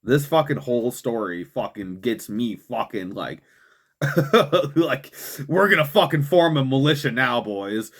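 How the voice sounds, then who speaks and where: A man's voice: medium pitch, lively intonation, unhurried, breathy edge. A young man hosting a commentary show, ranting angrily and swearing constantly, with frequent "man" and "dude" fillers. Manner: profane, heated, swearing constantly. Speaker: host of a political commentary show.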